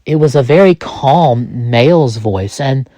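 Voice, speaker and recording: A man tells a grim first-person tale slowly and haltingly, stopping often to restart his sentences. His voice sits in a middle register and sounds close and dry, with no room around it. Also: medium pitch, expressive, mellow, no room sound. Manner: halting, with many restarts and pauses. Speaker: storyteller. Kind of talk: first-person narration of a fictional story.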